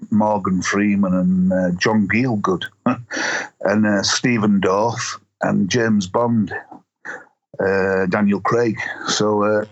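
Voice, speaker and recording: A man's voice: lowish voice, dull audio. A man, a former boxer and rugby league player, telling rambling anecdotes with many fillers in a casual interview.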